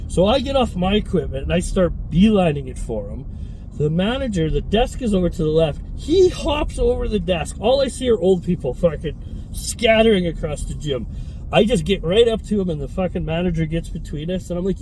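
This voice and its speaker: Profane gym owner telling a story. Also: male voice, fairly high pitch, moderate pace, a little hiss or hum, rough recording. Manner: profane, animated, heated retelling. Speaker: fitness studio owner. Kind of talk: casual storytelling.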